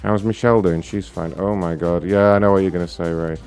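A man's voice: low voice, fairly even intonation, darkish tone, clear, resonant tone, faint music behind. A man hosting a prank-call livestream, chatting casually with bursts of swearing. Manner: casual, swearing, quick banter. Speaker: host of a prank-call stream.

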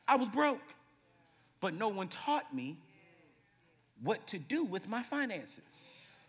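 Thirties male preacher, lively and comic, booming in a live sanctuary, slightly higher register. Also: takes it slowly, slightly rough. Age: 30s. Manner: animated, humorous, swings from loud to hushed. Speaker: guest preacher. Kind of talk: sermon with storytelling. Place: church sanctuary. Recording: reverberant church hall.

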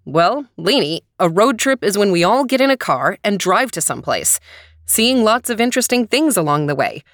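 A woman's voice: medium pitch, big pitch swings, normal speed, fairly bright tone, dry recording, clean studio sound. A woman reading as an eager dad with big plans. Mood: enthusiastic. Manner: upbeat, persuasive. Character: cheerful scheming dad full of big ideas.

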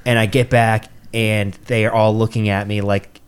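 A man's voice: little pitch movement, normal speed, clear, resonant tone. Swearing young man telling a story. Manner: swears freely, acts out quotes with rising pitch. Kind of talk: casual chat, animated storytelling.

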